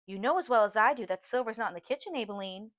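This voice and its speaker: A woman's voice: fairly high pitch, expressive, quick pace, a bit bright, dry recording, studio quality. A woman voicing an icy, prim lady. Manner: clipped, icy, accusing. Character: prim, cold upper-class woman employer. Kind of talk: audiobook reading.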